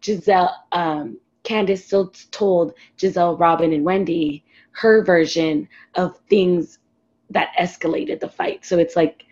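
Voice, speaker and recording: A woman in casual chat, expressive and jumping high in pitch when excited. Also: measured pace, muffled recording. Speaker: podcast co-host.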